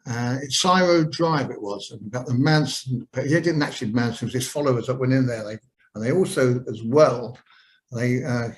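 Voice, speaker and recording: An older man spins out a long anecdote in a rambling, unhurried way. He is a guest in an interview, and his voice sits at a middle pitch. He often stops for fillers and starts his sentences over. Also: rough recording. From England. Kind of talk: storytelling interview.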